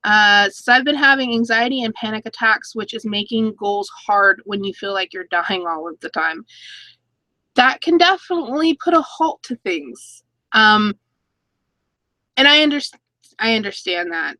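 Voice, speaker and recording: A woman's voice: medium pitch, a little slow, bright, forceful tone, no room sound, low-quality recording. A woman in her thirties hosting a casual live-stream chat, reading viewer comments aloud and laughing between stories. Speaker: YouTube channel host.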